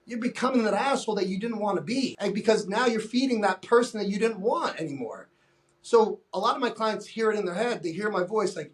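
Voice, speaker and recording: Blunt, high-voiced male fitness coach. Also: brisk. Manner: blunt, emphatic, swears freely; acts out exchanges with clients in quoted voices. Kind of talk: casual podcast conversation.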